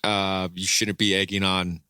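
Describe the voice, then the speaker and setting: A man's voice: low-pitched, flat delivery, a little slow, pushed and bright, clear, resonant tone, dry recording, studio quality. Emphatic man on a sports podcast. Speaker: podcast co-host. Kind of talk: casual sports chat.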